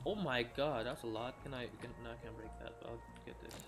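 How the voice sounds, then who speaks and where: A man's voice: medium pitch, fast, over loud music. A tired man giving rambling gameplay commentary, often restarting his sentences and swearing casually. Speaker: gamer.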